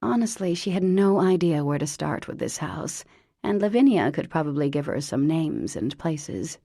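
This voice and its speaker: Low, gravelly woman audiobook narrator. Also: animated, moderate pace, dark tone, dry recording, clean studio sound.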